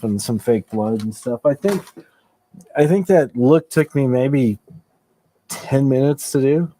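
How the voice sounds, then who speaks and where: A man hosting a late-night livestream talks casually at an average pitch, rambling and restarting his sentences. His voice sounds dry and close, with no room around it. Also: a little mellow, no echo. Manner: laid-back, rambling, with restarts and chuckles. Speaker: livestream host.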